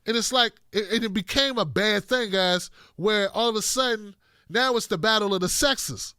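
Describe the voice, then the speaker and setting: A man with a high, bright, ringing voice delivers blunt, profane political commentary. He talks straight to his viewers and hammers his points home. The sound is close and dry, with no room around it. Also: normal speed, smooth, no room sound.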